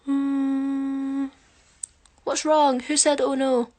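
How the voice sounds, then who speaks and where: A woman's voice: high voice, little pitch movement, drawn-out words, mellow. A woman chatting casually with viewers on a phone livestream, teasing and joking while she does her makeup. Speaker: livestream host answering viewer comments. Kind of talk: casual chat.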